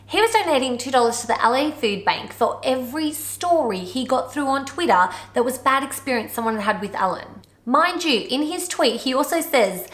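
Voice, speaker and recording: A woman's voice: high-pitched, a bit bright, roomy sound. A woman hosting a commentary vlog, talking in a sarcastic style with wry, joking asides. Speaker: commentary vlogger.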